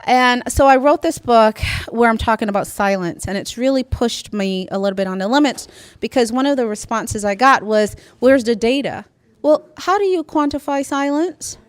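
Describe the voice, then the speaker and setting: A woman scholar speaks on a conference panel with a crisp, resonant voice that is recorded close and dry. She delivers her points with emphasis and keeps checking in with the room through short tag questions. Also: fairly high pitch, lively intonation, moderate pace, dry recording. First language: immigrant. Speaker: academic panelist.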